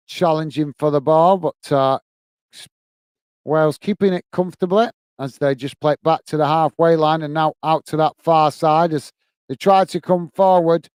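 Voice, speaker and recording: A man's voice: fairly high pitch, a little mellow, clean tone, dry recording, clean studio sound. A man hosting a live football watch-along stream, calling the match and chatting with viewers, reading out their comments and thanking them by name in a friendly, rambling way full of fillers. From United Kingdom. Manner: many fillers and restarts, friendly banter.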